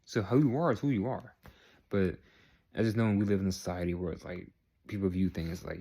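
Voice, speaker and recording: A man's voice: sits low, a little fast, warm tone, slightly rough. A man vlogging in a casual, rambling way, repeating phrases and checking in with the viewer. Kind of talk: casual talk to camera.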